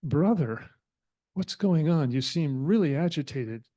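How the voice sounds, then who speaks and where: A man voicing a wise male cat in a spoken parable, speaking gently and without hurry. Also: a little high, animated. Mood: soothing. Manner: gentle, unhurried, soothing.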